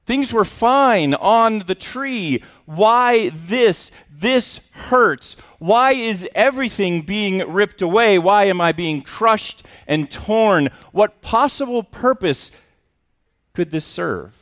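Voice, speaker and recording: A man voicing an anguished coffee bean being crushed, with slow, plaintive, bewildered questions. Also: high voice, animated, a bit bright, dry recording, pitched above the performer's own voice, full character voice.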